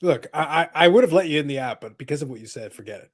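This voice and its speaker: A man hosting a hobby podcast, full of teasing, sarcastic banter. He talks fast and sits a bit high in pitch, with a casual, chatty delivery. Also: animated. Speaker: podcast co-host. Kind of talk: casual chat.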